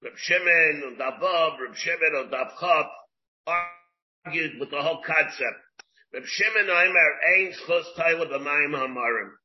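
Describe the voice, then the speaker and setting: A man, a rabbi, teaching a Talmud class, explaining slowly in English dotted with Hebrew and Aramaic terms, with many restarts. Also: fairly high pitch. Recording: dull lo-fi class recording.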